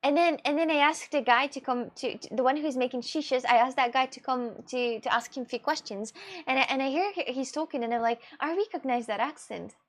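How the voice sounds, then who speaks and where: A woman's voice: sits high, fast. A young Russian woman with a Russian accent, chatting casually with viewers on her live stream, rambling and laughing often. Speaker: livestreamer.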